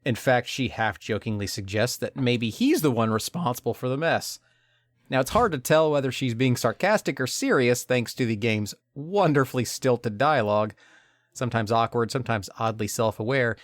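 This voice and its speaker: A man's voice: medium pitch, animated, normal speed, no echo. A male podcast host retelling a video game's story, with dramatic storytelling and jokey asides.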